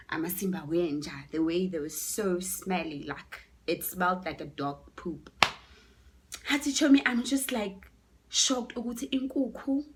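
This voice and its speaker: A woman with a South African accent tells a story in a casual vlog, chatty and animated, mixing languages and dropping into whispered asides. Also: lowish voice. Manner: chatty, switching between English and Zulu, animated with whispered asides. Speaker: YouTuber telling a story.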